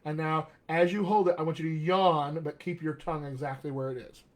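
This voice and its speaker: A man's voice: on the high side, steady tone, brisk. A man teaching tongue exercises as a dialect coach in a live-streamed lesson, upbeat and encouraging. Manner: upbeat, encouraging, reads out viewer comments.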